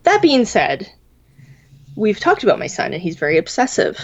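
A woman's voice: mid-range voice, huge pitch swings, moderate pace, vocal fry, slightly rough. A woman in her thirties telling a long story in a casual podcast chat, rambling with lots of fillers. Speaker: podcast co-host. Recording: dull lo-fi sound.

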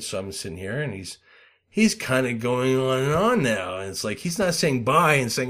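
A man hosting a casual podcast, rambling through stories with lots of fillers, swearing and loud acted-out quotes. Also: mid-range voice, expressive, brisk. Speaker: podcast host.

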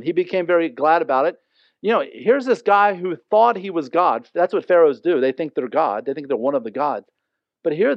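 A man delivers a sermon, reading a passage aloud and then unpacking it in plain, conversational words. His voice sits a little high for a man. The sound is dry and slightly dull, like a modest lo-fi recording. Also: darkish tone, no echo. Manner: reads scripture aloud then explains it conversationally. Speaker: pastor. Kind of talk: sermon, verse-by-verse Bible teaching.

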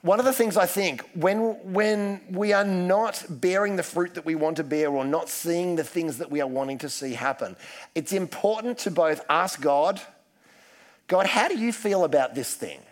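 A man's voice: high voice, moderate pace. A man preaching a casual, self-deprecating sermon full of asides. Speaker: pastor.

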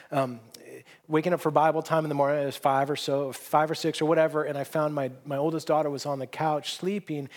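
A man preaching with a slightly raised pitch, chatty and self-deprecating. He tells stories in a conversational sermon and slips into hushed voices when he quotes people. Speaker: pastor.

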